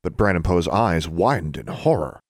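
Male audiobook narrator, lowish voice, very animated delivery, dry booth. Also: normal speed, no echo. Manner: expressive storytelling. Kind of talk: audiobook reading.

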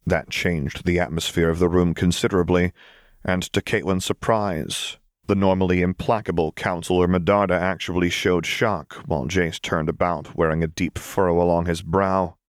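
Deep-voiced man narrating a story. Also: fairly even intonation, moderate pace, no room sound, studio quality. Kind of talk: audiobook narration of fan fiction.

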